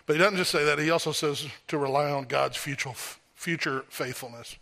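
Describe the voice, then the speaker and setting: A man preaching a lively sermon, his voice bright and forceful and set a little high. He keeps firing rhetorical questions at the congregation and leans hard on each point. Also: brisk, vocal fry. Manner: animated, emphatic, full of rhetorical questions. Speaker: pastor. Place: church service.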